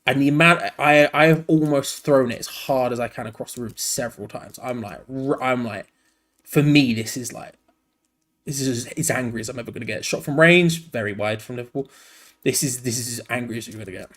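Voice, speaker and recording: A man's voice: medium pitch, fairly quick, a bit bright. A tired man hosting a live fan watch-along, switching between match commentary and rambling, frank asides.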